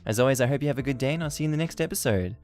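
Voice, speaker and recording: A man's voice: medium pitch, rapid-fire, darkish tone, faint music behind. A man hosting a channel, reading online stories aloud and adding amused comments between them. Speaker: story-channel host.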